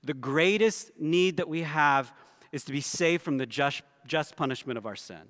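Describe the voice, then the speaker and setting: A male pastor delivers an earnest sermon with a fairly high voice. He slows and sinks to a hushed low tone on the words he wants to stress. The sound rings with the long reverb of a church hall. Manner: earnest preaching, drops low and soft for emphasis. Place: church sanctuary.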